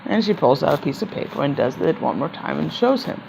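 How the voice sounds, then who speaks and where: A woman storyteller narrating a children's tale in an animated way, acting out each character. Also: sits low, brisk, creaky, slight background noise. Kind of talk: bedtime-style storytelling.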